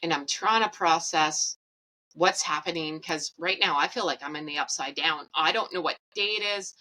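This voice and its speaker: A woman recounts her own story in a talkative, rambling way, frank and unfiltered. Her voice sits a little low but has a bright, forward edge. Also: moderate pace, low-quality recording. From Canada. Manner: chatty, rambling, candid. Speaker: podcast host. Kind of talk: personal storytelling.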